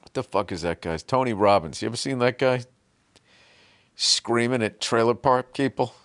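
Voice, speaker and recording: A man's voice: mid-range voice, normal speed, fairly bright tone, clean tone, no echo, studio quality. A man hosting a podcast, ranting sarcastically with lots of swearing. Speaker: podcast host. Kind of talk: comedic rant.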